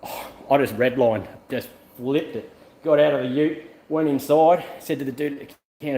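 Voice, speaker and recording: A man's voice: mid-range voice, steady tone, moderate pace, dark tone. An Australian man vlogging around a car yard, chatting to viewers in a blunt, rambling way and swearing freely. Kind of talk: casual rambling chat to viewers.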